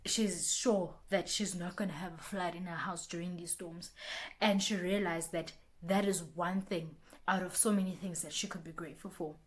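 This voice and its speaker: A young woman vlogging a casual motivational talk, chatty, repeating herself and restarting often, acting out friends' lines in lively bursts. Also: fairly low pitch, normal speed.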